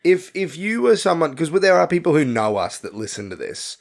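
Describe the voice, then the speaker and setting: A man's voice: a little high, sing-song, fairly quick, vocal fry. Man in his thirties, co-host, loose and jokey, rambles. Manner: joking, rambling, self-deprecating. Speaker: podcast co-host. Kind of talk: casual chat.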